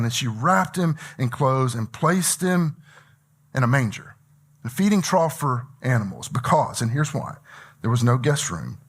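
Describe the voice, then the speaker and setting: Man, pastor, sermon, slightly high-pitched, earnest, conversational, church auditorium. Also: fairly bright tone. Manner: earnest, conversational preaching with repeated restarts.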